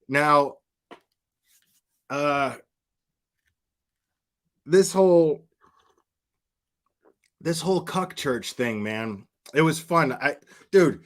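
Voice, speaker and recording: A man's voice: mid-range voice, a bit bright. A man hosting his channel in casual livestream commentary, crude and profane, rambling with repeated restarts. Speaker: channel host.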